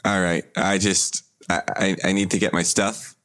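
A man playing an exasperated young roommate in an improv comedy scene, with a dry, halting delivery. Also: deep voice, level tone, a bit bright. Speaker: improv performer.

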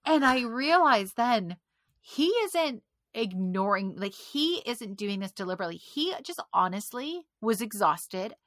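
A woman's voice: a little high, very animated, unhurried, a bit bright, dry recording. A woman speaking as a podcast guest, telling her personal story candidly and animatedly, often laughing between phrases. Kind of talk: personal testimony in conversation.

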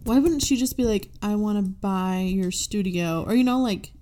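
A woman's voice: medium pitch, moderate pace, dark tone, slight background noise. A woman co-hosting a podcast in casual chat, reacting with short remarks and laughing along. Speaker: podcast co-host.

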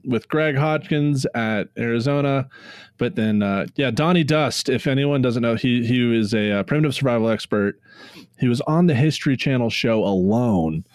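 A man, a graduate student and podcast co-host, telling a story in casual chat, excited and full of fillers. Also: mid-range voice, clear, resonant tone, dry recording.

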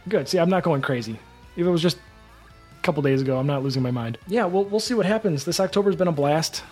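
A man's voice: a little high, lively intonation, fast, a little mellow, husky, soft background music. A man hosting a casual live podcast, recapping a film in a rambling, chatty way that is full of restarts. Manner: rambling, self-correcting, chatty. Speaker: podcast host.

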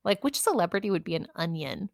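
A woman's voice: fairly low pitch, big pitch swings, quick pace, vocal fry, no room sound, clean studio sound. A woman co-hosting a casual podcast chat, giggly and emotional, sometimes putting on a game-show announcer voice. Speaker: podcast co-host.

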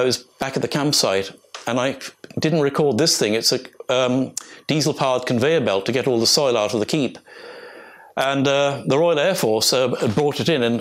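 An older man from England, an archaeologist giving an informal illustrated talk, rambling and chatty with many fillers and restarts. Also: medium pitch.

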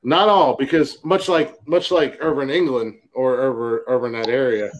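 A man with an Ohio accent, hosting a crude casual podcast chat, loud and laughing often. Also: medium pitch, fairly even intonation, moderate pace, low-quality recording. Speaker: podcast host.

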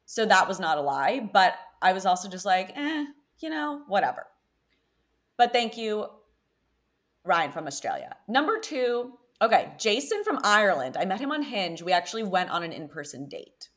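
A young woman from Connecticut hosting a podcast, telling dating stories in an animated, chatty way full of "like". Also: mid-range voice, a little fast, few pauses. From Connecticut, USA. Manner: chatty, animated storytelling with frequent "like". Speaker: podcast host. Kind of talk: casual chat.

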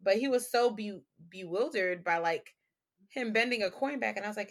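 Relaxed woman co-host chatting. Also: mid-range voice, moderate pace. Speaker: podcast co-host. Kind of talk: casual anime review chat.

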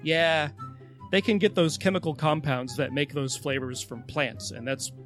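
A man's voice: fairly high pitch, steady tone, moderate pace, a bit bright, faint music behind. Enthusiastic man hosting a podcast. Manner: enthusiastic explainer, reads credits. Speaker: podcast host. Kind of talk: casual chat.

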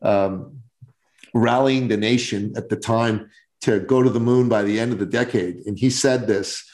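A man's voice: fairly low pitch, steady tone, unhurried, darkish tone. A man hosting a podcast, talking in an earnest, emphatic, motivational way. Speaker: podcast host. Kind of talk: motivational interview talk.

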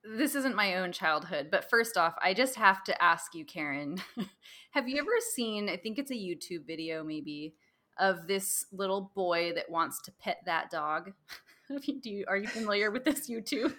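A woman's voice: mid-range voice, lively intonation, normal speed, pushed and bright. A woman co-hosting a casual conversation, bubbly and laughing as she tells anecdotes.

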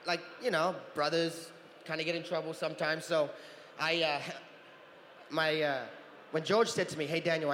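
A man in his forties tells stories on a convention stage, animated and quick to act out other people's voices between laughs. His voice sits fairly high for a man. Long hall reverb carries it, with a faint murmur of ambience underneath. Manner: animated storyteller, acts out voices, laughs often. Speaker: convention panel guest, actor. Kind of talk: storytelling Q&A on stage. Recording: roomy hall reverb with faint crowd noise.

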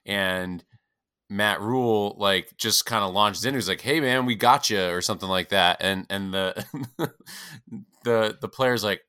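A man co-hosting a podcast in quick, lively storytelling mode. His voice is very deep yet bright and forceful, with a smooth, clear tone. The sound is close and dry. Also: dry recording. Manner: quick, animated storytelling with laughs. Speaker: podcast co-host. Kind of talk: casual podcast chat.

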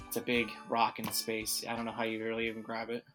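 A man's voice: fairly low pitch, completely flat delivery, quick pace, fairly bright tone, soft background music. A man taking part as a player in a tabletop game, bantering in a goofy, boastful way. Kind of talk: casual chat.

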